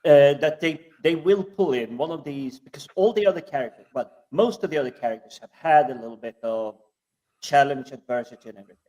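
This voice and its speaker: A man's voice: a little high, fairly quick, dark tone. A man co-hosting a TV review podcast, thinking aloud in a speculative, casual way. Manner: thoughtful, speculative. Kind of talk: casual chat. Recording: distant from the microphone.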